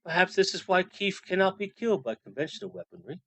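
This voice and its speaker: Man doing a deadpan British rock roadie. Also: high voice, quick pace, no room sound, pitched above the performer's own voice. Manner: deadpan tall-tale telling. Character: boastful British rock roadie, middle-aged man, unflappable.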